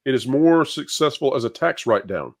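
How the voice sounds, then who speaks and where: A man hosting a casual panel chat, animated and quick to laugh, often repeating his first words. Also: medium pitch. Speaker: podcast host.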